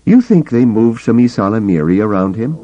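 A man's voice: fairly low pitch, lively intonation, brisk, dark tone, voice pushed up, lightly acted. A man voicing a tense, defiant young woman smuggler in an audiobook reading, clipped and defiant. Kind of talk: audiobook character voice. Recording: dull lo-fi cassette tape.

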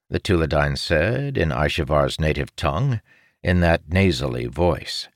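A man reading a fantasy story aloud in scripted, measured narration. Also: very deep voice, sing-song, dry recording, clean studio sound. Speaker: audiobook narrator.

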